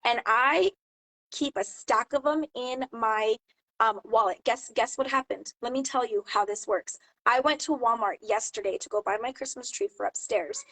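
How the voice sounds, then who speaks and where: A mom talking casually to camera, giving business tips and acting out lively quoted exchanges. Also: female voice, fairly high pitch, moderate pace, rough recording. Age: adult mom. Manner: chatty, animated storyteller acting out quotes. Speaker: jewelry seller and channel host. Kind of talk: casual advice talk to camera.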